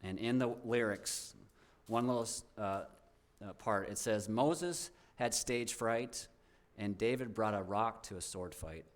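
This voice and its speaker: A young guest speaker at a church shares his personal testimony with the congregation, speaking a little slowly in a slightly low voice. His telling rambles, circling back and restarting sentences, and it comes across as heartfelt rather than polished.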